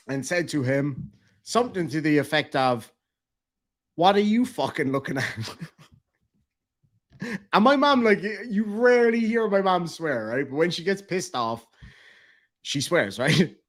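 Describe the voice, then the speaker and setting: A young Irish man with a lively, animated delivery, telling a comic story and laughing as he swears. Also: sits high. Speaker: vlogger.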